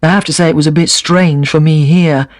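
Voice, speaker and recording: A man reading the part of a weary, resigned middle-aged former secret police officer, in a quiet, subdued way. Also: on the high side, fairly even intonation, fairly quick, dry recording, clean studio sound, lightly acted. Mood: rueful. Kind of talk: reading a memoir aloud.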